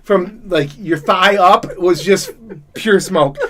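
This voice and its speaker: A man with a fairly high voice tells a long, profane story as a podcast co-host. He rambles and restarts, and he gets loud and laughing as the story heats up. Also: takes it slowly. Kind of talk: casual chat.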